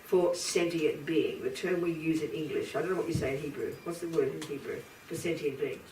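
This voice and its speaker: A woman's voice: sits low, brisk, darkish tone, a little hiss or hum. Woman, Buddhist teacher, blunt, emphatic, recorded from afar, echoey room, faint ambience. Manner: blunt, emphatic, talks straight to listeners. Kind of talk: live dharma lecture to an audience. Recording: roomy hall from a distance, faint ambience.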